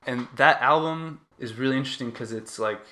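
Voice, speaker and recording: A man hosting a casual podcast chat, relaxed, laughing along and swapping stories with his guest. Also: mid-range voice, brisk. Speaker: podcast host. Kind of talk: casual conversation.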